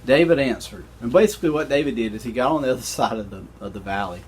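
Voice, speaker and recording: A man teaching a recorded Bible study lesson, retelling scripture in an animated, conversational way with casual slang. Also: mid-range voice, fast talker, slight background noise.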